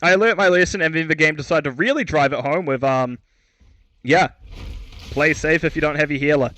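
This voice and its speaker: A man's voice: a little high, a little fast, pushed and bright, no room sound. A man giving solo esports commentary, chatty and self-mocking, stumbling over player names and correcting himself. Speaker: esports caster.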